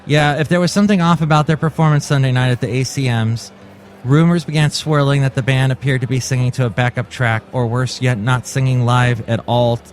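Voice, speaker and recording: A man's voice: mid-range voice, fairly even intonation, brisk, faint music behind. A man in his forties hosting a comic solo podcast, telling stories in a wry, jokey way. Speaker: podcast host.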